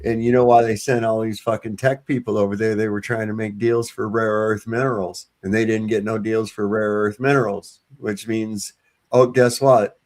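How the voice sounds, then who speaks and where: A man's voice: lowish voice, flat delivery, moderate pace, a little mellow. A man on a discussion panel chatting casually about politics, profane and scornful.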